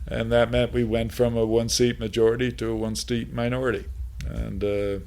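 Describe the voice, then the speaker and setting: A former state senator, a man, giving a halting interview account with restarts and pauses. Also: mid-range voice, level tone, gravelly, a little mellow.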